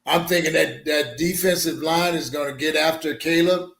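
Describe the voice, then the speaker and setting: A man's voice: on the high side, steady tone, normal speed, creaky, fairly bright tone, reverberant. A confident man on a sports podcast panel, giving brief picks. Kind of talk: casual sports podcast chat.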